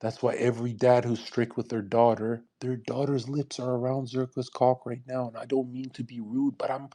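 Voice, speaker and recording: A man's voice: medium pitch, level tone, moderate pace, dark tone. A young man giving a provocative, crude, preachy monologue on a live voice call. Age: young adult. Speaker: speaker on a live audio call. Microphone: online voice call.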